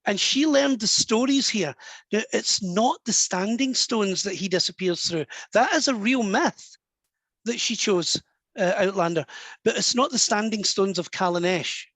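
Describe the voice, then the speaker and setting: A Scottish man, a medium and author, telling a personal story softly and warmly in an interview. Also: high-pitched, a little slow, dry recording. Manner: soft, warm and anecdotal, drops to a hush at moving moments.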